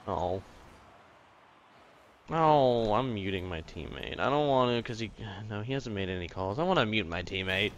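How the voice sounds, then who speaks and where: A man giving casual, excitable commentary while playing a game, swearing at his teammates. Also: fairly low pitch, moderate pace, lo-fi sound, a little hiss or hum. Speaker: gaming commentator.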